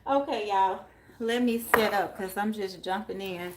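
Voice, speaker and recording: A woman's voice: mid-range voice, a little slow, slight background noise. A woman tarot reader chatting casually with viewers during a live stream, calling them y'all and laughing often while she moves around fetching things.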